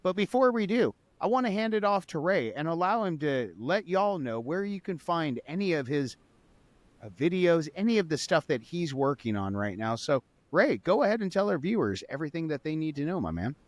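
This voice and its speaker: A man's voice: fairly high pitch, big pitch swings, fairly quick, no room sound. A man co-hosting a podcast, chatting casually, swearing freely and saying y'all, with a sponsor read. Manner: laid-back, swears casually, says y'all. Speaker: podcast co-host.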